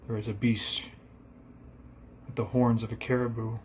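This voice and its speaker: A man voicing a calm, fatherly male cult leader who speaks slowly and preachily. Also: mid-range voice, slight background noise, close to an everyday voice. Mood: solemn.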